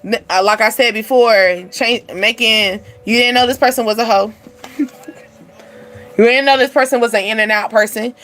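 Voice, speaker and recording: A woman's voice: medium pitch, a bit bright. A woman hosting a spiritual reading channel, talking casually and bluntly to her viewers with frequent asides. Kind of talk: casual tarot-style energy reading.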